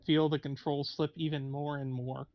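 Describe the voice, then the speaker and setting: Man, game master narration, hesitant, meandering, fairly high pitch, muffled lo-fi audio. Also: flat delivery, normal speed, no echo. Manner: meandering, hesitant, frequent restarts.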